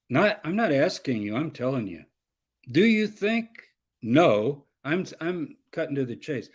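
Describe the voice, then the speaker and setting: A man teaching like a professor in an interview, explaining scripture passages with lively quoted voices. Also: on the high side, a little slow, husky.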